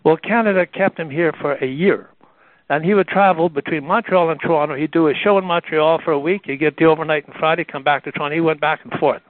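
A lively man spins anecdotes and briefly takes on the voices of the people in them. His voice sits a bit high for a man. It comes through a tinny, dry phone-like line. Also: fast talker, no room sound. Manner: animated, acts out the voices in his stories. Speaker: guest telling stories about a friend. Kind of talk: anecdotal storytelling on a radio call.

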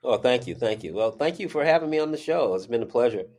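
Animated man telling a story. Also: mid-range voice, quick pace. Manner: animated storyteller, acts out quoted voices. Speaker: drummer and music teacher, guest. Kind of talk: storytelling in an interview.

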